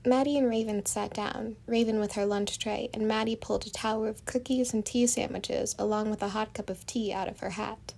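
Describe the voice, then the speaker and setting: A woman narrating a fan-written story in a steady, descriptive way. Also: medium pitch, a little fast, vocal fry, few pauses. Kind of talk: storybook reading of fan fiction.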